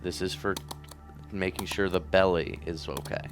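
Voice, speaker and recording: A man's voice: sits low, normal speed, faint music behind. A man hosting a comedy stream, asking questions in a playful interviewer tone. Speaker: stream host.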